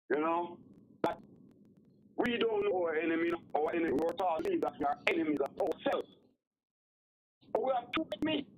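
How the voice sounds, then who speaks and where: A man's voice: high-pitched, slight background noise, low-quality recording. A man with a Jamaican accent calling in to a radio show, rambling and often asking whether you follow him. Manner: rambling, keeps asking "you know what I mean". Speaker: caller. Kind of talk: call-in radio chat.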